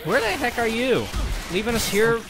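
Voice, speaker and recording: A man's voice: very high voice, animated, moderate pace, music in the background. A man hosting a gameplay video, chatting casually and cracking goofy jokes as he plays. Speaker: gaming channel host.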